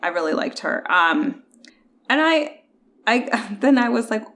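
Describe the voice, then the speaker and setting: A woman's voice: fairly high pitch, very animated, measured pace, fairly bright tone. A woman co-hosting a podcast in casual chat, opinionated and full of "like" fillers. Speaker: podcast co-host.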